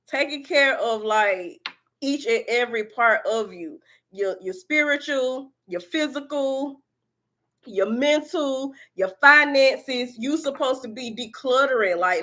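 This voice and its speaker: A woman, a spiritual reader and channel host, telling animated stories straight to her viewers with lots of swearing and quick laughter. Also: fairly high pitch. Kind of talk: casual storytelling to viewers.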